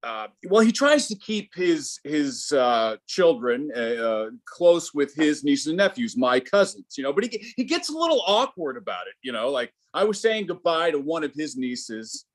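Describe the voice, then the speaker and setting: A man doing a stand-up set over a video call, halting with many fillers and restarts. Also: fairly high pitch, sing-song. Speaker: stand-up comic.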